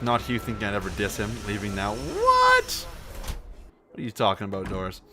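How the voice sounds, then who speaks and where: A man with a fairly low, steady voice livestreams a detective game, talking very fast over heavy noise. He chats casually, laughs a lot, and playfully quotes lines from the series in silly voices.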